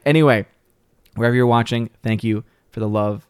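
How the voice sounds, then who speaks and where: A man hosting a livestream, signing off casually, thanking viewers and reading supporter names with lively upward lifts. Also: lowish voice, fast, clear, resonant tone, no room sound, clean studio sound. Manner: jokey, playfully mangles words. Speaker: livestream host. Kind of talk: casual stream sign-off and shout-outs.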